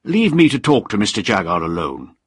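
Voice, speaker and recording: A man's voice: lowish voice, wildly swooping pitch, brisk, breathy edge, no room sound, clean studio sound, exaggerated voice. A man voicing a commanding male lord who gives curt orders in a storybook. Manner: giving orders.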